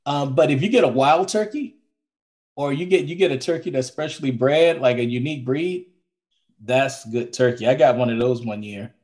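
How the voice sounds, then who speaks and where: A man's voice: medium pitch, moderate pace, a little mellow. A man co-hosting a podcast in a casual, rambling chat, often repeating himself. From from Maryland, now Florida. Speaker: podcast co-host.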